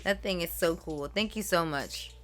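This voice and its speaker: A woman's voice: on the low side, normal speed. A woman comedian co-hosting a casual podcast, joking in a playful, blunt way. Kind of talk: casual chat.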